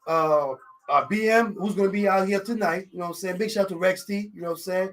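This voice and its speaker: Rambling African radio host, French accent. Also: male voice, sits high, quick pace, a bit bright. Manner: rambling, constant "you know what I'm saying" fillers; confident, jokey. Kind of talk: casual live radio talk. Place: radio studio. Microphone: studio microphone.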